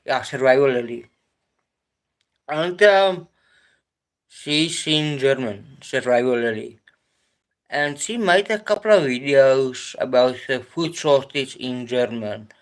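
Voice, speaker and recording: A man's voice: medium pitch, clear, resonant tone. A man hosting a casual live stream, answering his chat in a hesitant way with many restarts and fillers. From South Africa. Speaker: livestream host answering chat.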